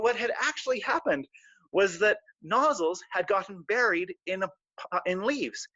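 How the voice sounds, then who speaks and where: A man with a high voice tells a children's story on a live stream, animated and tossing in sound effects. The audio is dry and close, with a dull, lo-fi edge. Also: measured pace, dry recording. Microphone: live stream mic.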